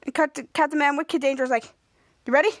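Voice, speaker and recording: A woman hosts a podcast, retelling a TV episode scene by scene in a halting, rambling way full of restarts. Her voice is very high. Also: steady tone. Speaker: podcast host.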